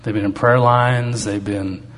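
A man's voice: fairly low pitch, fairly even intonation, a little slow, fairly bright tone, slight background noise. A man preaching to a congregation, telling stories from his own life in a conversational, humorous way. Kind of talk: testimony-style sermon.

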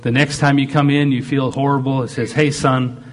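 A man's voice: mid-range voice, level tone, brisk. A man preaching a sermon. He talks animatedly and acts out God speaking in short quoted lines. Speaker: pastor.

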